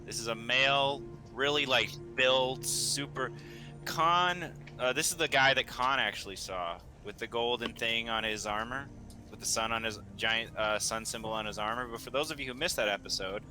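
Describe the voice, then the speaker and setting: A man's voice: medium pitch, moderate pace, pushed and bright, soft background music. A man running a tabletop game as game master, describing scenes in a loose, rambling way with many fillers.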